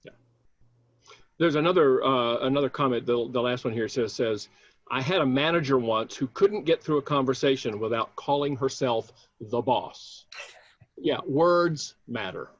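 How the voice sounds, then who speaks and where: A man reads audience comments aloud during a panel on a video call, often chiming in with quick agreement. His audio sounds dry and muffled. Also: medium pitch, no room sound. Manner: affirming, frequent short yeahs.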